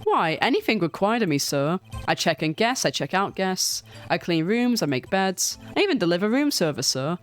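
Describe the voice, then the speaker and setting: A woman's voice: sing-song, normal speed, few pauses, soft background music. A woman doing a prim, fawning bellboy. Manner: formal and deferential, ends lines with a low "sir".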